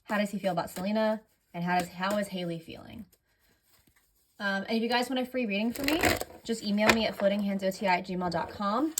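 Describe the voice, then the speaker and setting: A woman's voice: mid-range voice, fairly quick, noisy background. A woman running a casual tarot reading, rambling and correcting herself often, audibly breathing heavily. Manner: rambling, filler-heavy, self-correcting. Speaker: tarot reader.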